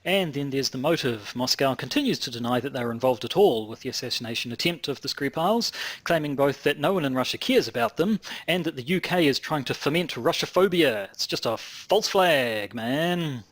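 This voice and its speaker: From his home in New Zealand, a man co-hosts a podcast over video call, trading wry, teasing banter in casual chat. His medium-pitched voice is animated and a little fast.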